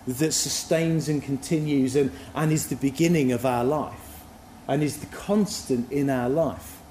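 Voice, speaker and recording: Guy giving a sermon, warm mellow voice, thinking out loud, echoey room. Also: a little high, a little hiss or hum. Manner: reflective, musing, conversational. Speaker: preacher.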